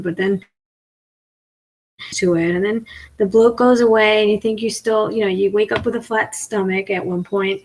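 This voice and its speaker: A woman's voice: mid-range voice, poor audio. Chatty self-mocking woman in her forties. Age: 40s. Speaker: comedian and mukbang vlogger. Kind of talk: casual chat while eating.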